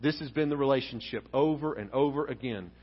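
A male pastor preaching a sermon in a church, speaking in an animated way and acting out the lines of the people in his story. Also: mid-range voice, brisk, slightly rough. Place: church sanctuary. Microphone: wearing a face mask. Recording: dull sound with long hall reverb.

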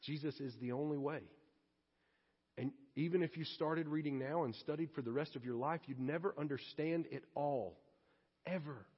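A man's voice: on the high side, moderate pace, breathy edge. A man, preaching a sermon to his congregation in a church in a conversational, joking way. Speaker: pastor. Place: church sanctuary. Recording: reverberant hall, slightly muffled.

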